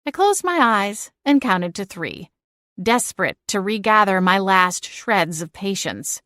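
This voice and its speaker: Woman reading an audiobook in first person, expressive, kinda exasperated, dead dry sound. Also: medium pitch, a little slow, dry recording. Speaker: audiobook narrator.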